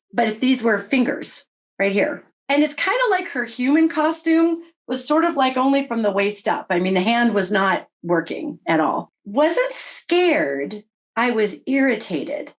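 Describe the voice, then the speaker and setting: A middle-aged woman telling her own story in a casual interview, wry and animated, often voicing her own past remarks. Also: fairly high pitch. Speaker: interview guest recounting experiences.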